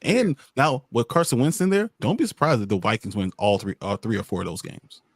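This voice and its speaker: A man's voice: mid-range voice, brisk, no room sound, clean studio sound. A man co-hosting a casual sports podcast, mock-ranting with exaggerated frustration and frequent laughter. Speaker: podcast co-host.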